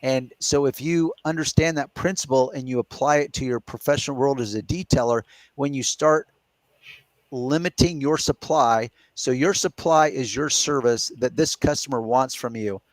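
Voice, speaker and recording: A middle-aged man hosts a relaxed live Q&A, walking through his reasoning step by step. His voice sits at an ordinary middle pitch and sounds close and dry, with no room echo around it. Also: normal speed. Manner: explains step by step, reasoning aloud. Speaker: podcast host. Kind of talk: casual live Q&A chat.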